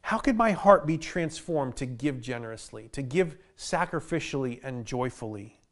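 A man's voice: mid-range voice, lively intonation, normal speed. A man preaching a sermon as pastor, earnest and often repeating the first word of a phrase. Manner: earnest, repeats words when starting phrases.

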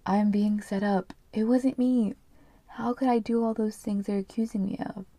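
A woman's voice: medium pitch, steady tone, moderate pace, warm tone, no echo, natural voice. A woman reading the lines of a desperate jailed husband pleading with his wife. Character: pleading male prison inmate husband.

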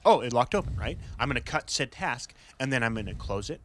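A man's voice: medium pitch, lively intonation, a little fast, fairly bright tone, slight background noise. A man who runs a knife shop, chatting casually in a rambling way, full of fillers and acting out his customers. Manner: rambling, full of "like" and "you know", acts out customers. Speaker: knife shop owner on a podcast. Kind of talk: casual chat.

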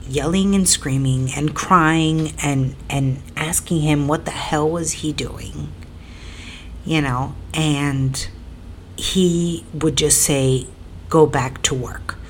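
A woman's voice: low voice, slow pace, slight background noise. A woman telling a personal story in a casual, rambling way, repeating herself with fillers and building to emphatic, indignant stretches.

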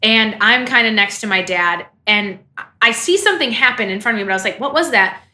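A woman's voice: mid-range voice, lively intonation, brisk, bright, forceful tone. A young woman co-hosting a podcast, chatting casually and rambling with fillers, often laughing. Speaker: podcast co-host. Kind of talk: casual chat.

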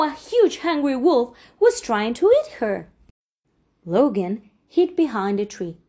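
A woman reading a children's picture book aloud in an animated, expressive storytelling manner. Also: sits high. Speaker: storybook reader.

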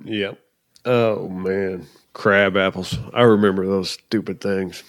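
A man's voice: low-pitched, fairly even intonation, takes it slowly, no room sound, studio quality. A man hosting a podcast, telling a story in a laid-back, easygoing way. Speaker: podcast host. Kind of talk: casual chat.

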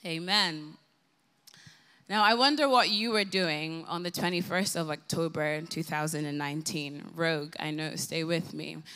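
Bright-voiced Irish woman preaching. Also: deep voice, moderate pace, hardly any pauses, clean tone. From Ireland. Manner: animated and humorous, building emphasis by repeating phrases. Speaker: guest speaker. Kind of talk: preaching with personal storytelling. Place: live worship gathering.

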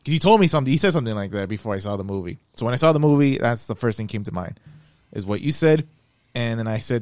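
A man co-hosting a podcast, giving his opinion of a movie in relaxed, agreeable casual chat. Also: medium pitch, quick pace, no room sound. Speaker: podcast co-host.

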